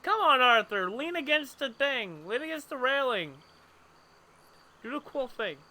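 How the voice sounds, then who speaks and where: Slow, bright-toned man streaming a game. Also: very high-pitched, big pitch swings, a little hiss or hum. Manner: rambling, chatty explaining aside. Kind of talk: casual live gameplay commentary.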